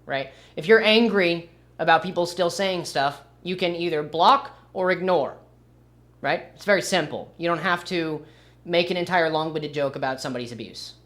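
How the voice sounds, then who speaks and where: A man's voice: on the high side, moderate pace, a bit bright. A young man streaming and commenting casually, with a rambling, sarcastic manner. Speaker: livestreamer.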